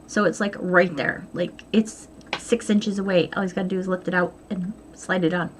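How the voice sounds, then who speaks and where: A middle-aged vlogger chats candidly to camera from her home sewing room, rambling and poking fun at herself. Her voice is on the low side with little pitch movement and a moderate pace, over a slight hiss or hum.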